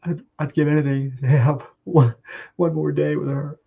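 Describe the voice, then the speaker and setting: A man giving a halting, tearful memorial tribute on a video call, laughing through his grief. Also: fairly high pitch, steady tone, creaky, dark tone, husky, lo-fi sound. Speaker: grieving husband sharing memories.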